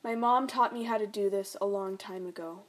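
A young woman narrating her own story in the first person, soft and reflective. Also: medium pitch, moderate pace.

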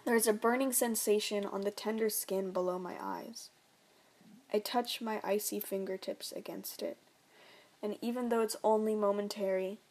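A young woman narrating her own story in the first person, soft and reflective. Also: medium pitch.

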